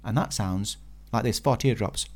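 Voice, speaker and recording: A man co-hosting a casual film review podcast, animated and acting out quotes with a raised voice. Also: lowish voice, moderate pace. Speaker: podcast co-host.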